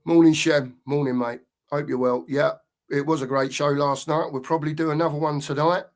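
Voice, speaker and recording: Angry sweary football fan host. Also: male voice, fairly high pitch, steady tone, fairly quick. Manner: angry, sweary, repeats himself. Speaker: podcast host. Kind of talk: live-stream football rant.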